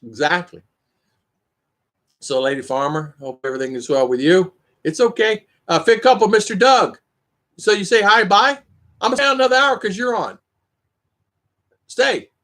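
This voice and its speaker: An older man hosts a casual livestream chat, thanking viewers by name with plenty of thank-yous and fillers. His high, animated voice is slightly bright and moves at a moderate pace with frequent pauses, and his talk rambles.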